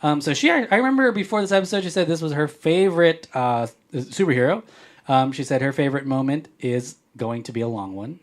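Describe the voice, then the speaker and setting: A man's voice: on the high side, a little fast. A man hosting a podcast, chatting casually and reading listener mail in a playful, joking way. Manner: playful, jokey, rambling. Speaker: podcast host.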